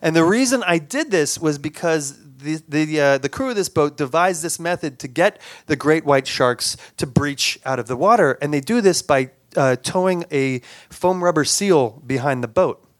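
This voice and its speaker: A man telling a personal story aloud, halting and repeating words, with animated sound effects. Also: a little high, no echo.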